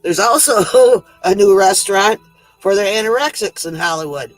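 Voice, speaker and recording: Man, high bright voice, dry close sound; rambling joke teller who laughs at his own gags. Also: expressive, normal speed, no echo, faint music behind, rough recording. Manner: chuckles at his own jokes; rambling, self-interrupting delivery. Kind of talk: casual joke telling on a livestream.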